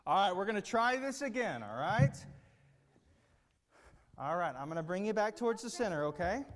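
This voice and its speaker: Very animated and high-pitched, a man talks at a moderate pace as he directs a children's church group, cheerfully coaxing them and repeatedly making sure they understand. There's a little hiss or hum, along with the long reverb of a big hall, and the place is a large room with a platform.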